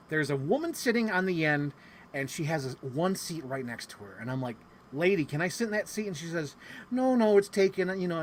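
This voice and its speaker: Excitable man telling a story. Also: a little hiss or hum. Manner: animated, swears freely, acts out quotes with big pitch jumps. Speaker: vlogger. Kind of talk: casual storytelling vlog.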